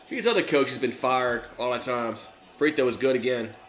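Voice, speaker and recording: A man's voice: medium pitch, a little fast, fairly bright tone, reverberant. A man hosting a live stream, giving casual, rambling play-by-play commentary with lots of fillers and restarts.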